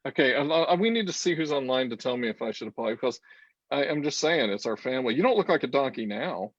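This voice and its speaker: A man's voice: mid-range voice, expressive, fast, dry recording, highs cut off. A man co-hosting a casual chat show over a video call, rambling and laughing often. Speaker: co-host.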